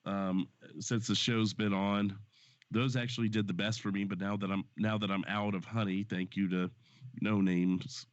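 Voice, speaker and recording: Stuffy-voiced male stream host, low and dry. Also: flat delivery, moderate pace, dry recording. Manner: loose and profane, reading donations aloud. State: stuffy, strained sore voice. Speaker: host of a live stream show. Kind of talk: casual live-stream chat and game commentary. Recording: dry, dull lo-fi stream audio.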